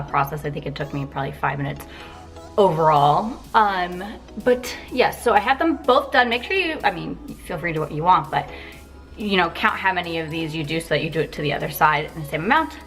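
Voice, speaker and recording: A young woman chatting casually through a hair tutorial, with filler words and quick asides. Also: lowish voice, sing-song, fairly bright tone, faint music behind. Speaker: beauty vlogger.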